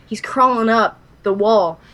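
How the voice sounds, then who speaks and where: A woman from Kentucky, co-hosting a podcast, telling a story in casual chat, animated and dramatic, swearing freely. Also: fairly high pitch, a little slow. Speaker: podcast co-host.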